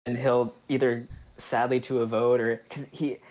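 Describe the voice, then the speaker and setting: A man's voice: mid-range voice, flat delivery, normal speed, a little mellow. A man co-hosting a casual reality-TV chat, rambling with many fillers and frequent laughs. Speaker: podcast co-host.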